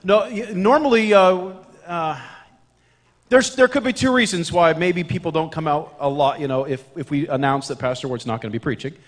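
A man, a youth pastor, opening his sermon in a relaxed way with self-deprecating humor. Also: a little high, normal speed. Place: church sanctuary. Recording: reverberant church hall with faint music.

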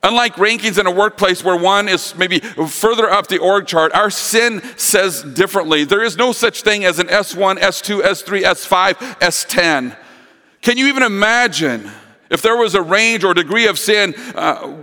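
A man's voice: high-pitched, moderate pace, pushed and bright. Preaching man in a reverberant hall. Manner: earnest preaching with emphatic repetition. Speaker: pastor. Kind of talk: sermon. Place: church sanctuary.

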